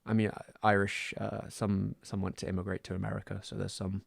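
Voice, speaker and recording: A man's voice: on the low side, little pitch movement, fairly quick, gravelly, no room sound. A young English man from the Southwest with a West Country accent, rambling and self-deprecating in casual livestream chat on a close mic. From Southwest England. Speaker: streamer.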